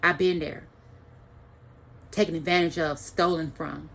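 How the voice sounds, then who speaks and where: A woman's voice: deep voice, steady tone, a little slow, vocal fry, a bit bright. Angry ranting woman vlogger. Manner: heated, profane, repeats phrases for emphasis.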